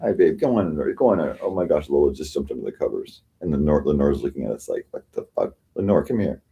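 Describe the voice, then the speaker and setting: A man with a very low voice rambles through a casual livestream chat, tired and swearing freely. He halts, repeats himself and restarts often as he talks. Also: expressive, creaky, warm tone, husky. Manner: rambling, halting, many restarts and profanity. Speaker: livestream host.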